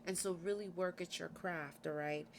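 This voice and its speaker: A woman's voice: fairly low pitch, moderate pace. A woman tarot reader speaking casually to her viewers, often checking in with "okay?" as she gives advice. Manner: conversational, frequent "okay?" check-ins. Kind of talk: casual spiritual reading to camera. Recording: faint background noise.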